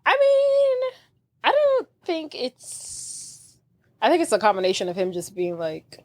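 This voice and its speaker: A woman with a high voice chatting casually on a podcast. She talks in an animated, exasperated way, stumbling over restarts and bursting into acted-out complaints. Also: a little slow. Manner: animated, exasperated, lots of restarts and quoted outbursts. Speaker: podcast co-host. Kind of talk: casual chat.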